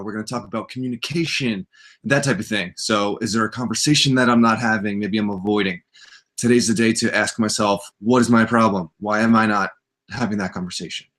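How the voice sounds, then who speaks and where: A young man talks a viewer through a short yoga routine from the floor. His delivery is relaxed and jokey, slipping in goofy asides between breathing cues. His voice sits at an ordinary middle pitch. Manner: jokey, loose and playful, with silly asides. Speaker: yoga instructor. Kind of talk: casual yoga class instruction. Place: indoors on a floor.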